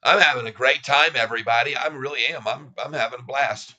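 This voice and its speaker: Middle-aged male stream host, bright tense voice, excitable, quick to laugh. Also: medium pitch, muffled recording. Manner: excitable, laughs often, improvises sung jingles. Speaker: stock livestream host. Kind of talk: live stock-trading stream chat.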